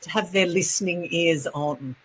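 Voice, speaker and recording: A woman with an Australian accent, a speaking coach talking quickly and chattily as a guest in an interview. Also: lowish voice, slightly rough, poor audio. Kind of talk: casual interview chat.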